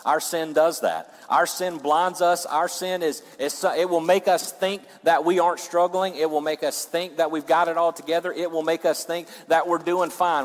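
A man preaching as pastor, his voice a touch high for a man. He climbs into loud, rising passages and then drops low and quiet. The sound rings with the long reverb of a big sanctuary. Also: moderate pace. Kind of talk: sermon. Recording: long reverb of a large hall.

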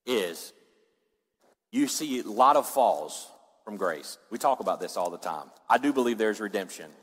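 A man preaching a sermon as pastor, swinging from loud rising passages down to low, quiet ones. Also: lively intonation, normal speed, husky. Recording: long reverb of a large hall.

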